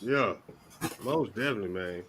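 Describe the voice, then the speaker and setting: A man's voice: on the low side, animated, normal speed, fairly bright tone. A man hosting a casual interview, laid-back and affirming in his slang. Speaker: podcast host.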